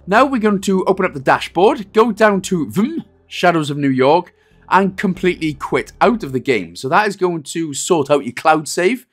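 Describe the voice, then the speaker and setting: A man's voice: high-pitched, very animated, normal speed. A man hosting a game walkthrough, talking playfully and joking with made-up wordplay. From Wales. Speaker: gaming guide host.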